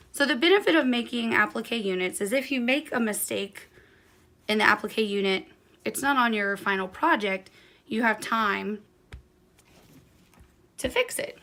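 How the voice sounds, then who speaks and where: A woman teaching a quilting project step by step, her voice carrying a gravelly fry. She chats in an easy, encouraging way while her hands stay busy with the work. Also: fairly high pitch, sharp tone. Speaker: quilting instructor. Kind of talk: hands-on sewing tutorial.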